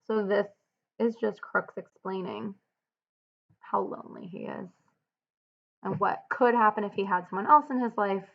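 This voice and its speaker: A woman teacher giving a read-aloud with guided commentary, explaining in a clear, measured way and posing questions to students. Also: mid-range voice. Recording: dull lo-fi recording.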